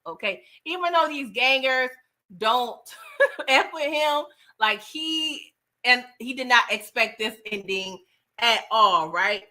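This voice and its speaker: Bright, slightly high woman for a casual, slangy film recap. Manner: chatty, slangy, tags lines with "okay?" and "right?". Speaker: movie reviewer.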